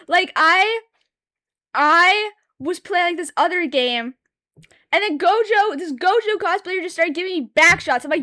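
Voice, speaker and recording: A young woman streams herself drawing and chats casually, swearing a lot and wandering through stories packed with filler words, laughing between sentences. Her voice is extremely high, pushed and bright, and a little slow. The recording is clean studio sound with no room echo.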